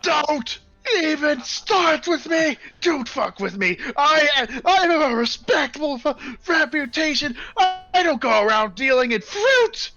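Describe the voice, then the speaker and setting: A man voicing a loud, greedy male dealer character in a tabletop game, shouting excitedly in a high voice. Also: unhurried, few pauses, highs cut off, faint music behind, heavily acted. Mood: indignant.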